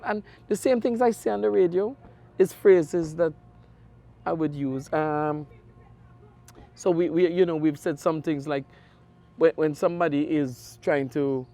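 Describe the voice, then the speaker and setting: A middle-aged man with an Antiguan accent, a radio sports host telling stories in an interview, animated with big jumps in his voice. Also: fairly high pitch, normal speed, vocal fry. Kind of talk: conversational interview storytelling.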